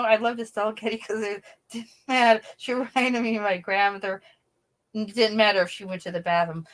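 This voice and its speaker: Middle-aged woman, livestream host, casual chatty storyteller who laughs a lot. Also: medium pitch. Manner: chatty, laughs often, acts out quoted voices. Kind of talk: casual chat.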